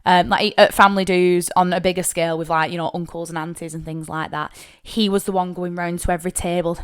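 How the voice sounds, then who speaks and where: Quick-paced with hardly any pauses, her fairly low, clean-toned voice carries a Northern English Lancashire accent. The young podcast host shares personal stories in a monologue, chatty and candid with casual swearing, and acts out her family with lots of animation.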